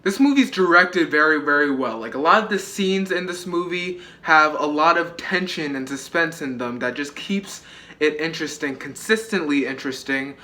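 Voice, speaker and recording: A man's voice: fairly high pitch, animated, normal speed, pushed and bright. A young man reviewing a movie in a casual vlog, chatty, with many fillers and frequent swearing.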